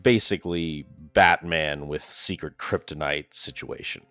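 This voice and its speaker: A man, the game master, speaking an aside to listeners in a relaxed, explanatory way. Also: a bass voice, unhurried, clean tone, dry recording, faint music behind. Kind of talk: aside to the audience.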